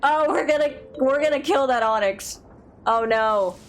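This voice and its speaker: A woman streaming a game, chatting casually and sleep-deprived, playful, rambling and quick to laugh. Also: sits high, a little hiss or hum, low-quality recording. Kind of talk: casual gameplay commentary. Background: game music.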